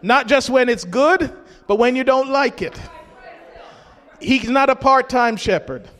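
A man with a high voice preaches a sermon in a church hall. He swings from steady teaching up into shouted calls for the congregation to join in. A long reverb trails behind every phrase. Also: a little slow. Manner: rises into shouts to urge the congregation.

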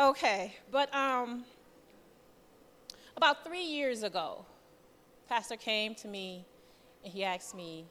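Woman lay preacher, bright higher voice, nervous storyteller, church reverb. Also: slow, long pauses, a little hiss or hum. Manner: nervous, chatty storytelling with lively quoted voices. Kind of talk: testimony sermon.

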